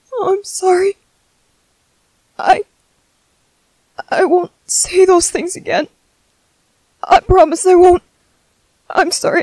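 A woman voicing a timid, gentle young man who stammers softly and apologizes, in a whispered role-play. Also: very high-pitched, dry recording, low-quality recording. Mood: nervous, gentle. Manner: hesitant, stammering, soft-spoken.

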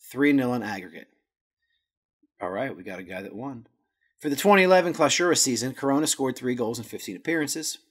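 A man with a medium-pitched, fairly bright voice hosts a podcast, reading notes in a relaxed way. He tosses in jokes and fumbles Spanish words.

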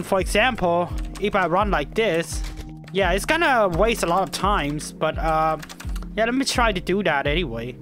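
Excitable woman narrating gameplay, lively pitch. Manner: excitable, yelling at game characters, frequent laughter. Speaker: gaming YouTuber. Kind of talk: casual gameplay commentary.

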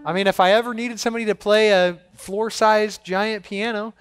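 A man's voice: sits high, fairly even intonation, moderate pace, smooth, dry recording, faint music behind. A man hosting an online kids church show from a theater stage, upbeat and playfully teasing. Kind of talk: presenting to children.

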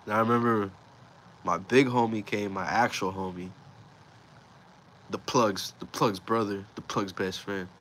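A man's voice: lowish voice, fairly even intonation, a little slow, long pauses, a bit bright, a little hiss or hum. A young man casually telling a rambling personal story, full of slang and swearing. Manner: slangy, profane, rambling retelling.

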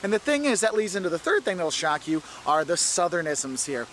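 An upbeat man from the northern United States narrates a travel video, pressing his points by repeating them. His voice sits high. Faint street noise hums behind him outdoors. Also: very animated, a little fast, a bit bright. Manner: upbeat, emphatic, repeats phrases.

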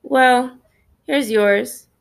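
A woman's voice: sits high, drawn-out words, creaky, heavily acted. A woman doing a cocky teenage crew leader. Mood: breezy. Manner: breezy, grinning, offhand.

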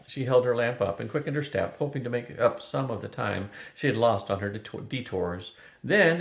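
An older man reading a children's fantasy novel aloud, in a lively storybook manner, in a roomy-sounding recording. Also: mid-range voice, creaky. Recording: roomy echo.

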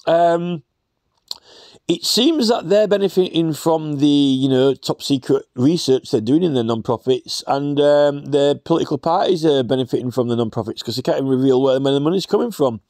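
A man's voice: on the high side, normal speed, darkish tone, no room sound, clean studio sound. A man delivering a rambling, sarcastic rant full of fillers. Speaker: commentator. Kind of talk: satirical rant.

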